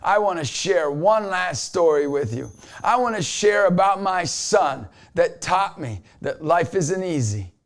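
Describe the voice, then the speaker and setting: A man's voice: sits high, expressive, unhurried. A man in his forties, a Christian motivational speaker, giving an emphatic inspirational talk to camera in a conversational way. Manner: emphatic, repeats a catchphrase, conversational.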